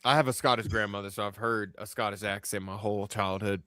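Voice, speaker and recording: A man's voice: fairly low pitch, steady tone, fast talker, sharp tone, dry recording, clean studio sound. A man hosting a casual gaming podcast, chatty and upbeat, calling on viewers to comment, with a slight cough. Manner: chatty, laughs often, hypes the audience. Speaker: podcast host.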